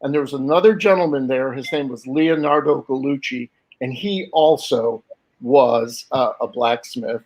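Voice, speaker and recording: An older man in conversation, spinning stories from his own life with animated energy. He slips into quoted voices and laughs as he goes, with pauses and restarts. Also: mid-range voice, low-quality recording. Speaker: guest artist. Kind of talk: conversational interview storytelling.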